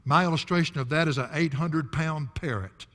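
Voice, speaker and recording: An older man preaches in a folksy, emphatic way and breaks into chuckling asides. His voice sits a bit high for a man. It rings with a long echo in a large hall. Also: normal speed, a bit bright. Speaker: pastor. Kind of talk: expository sermon.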